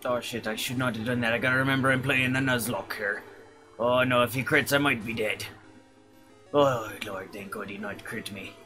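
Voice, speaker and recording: A man's voice: medium pitch, fairly even intonation, moderate pace, over music. A man casually commenting on his own gameplay, joking and swearing, often slipping into a playful pirate "yar". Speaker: gameplay streamer. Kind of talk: casual let's-play commentary.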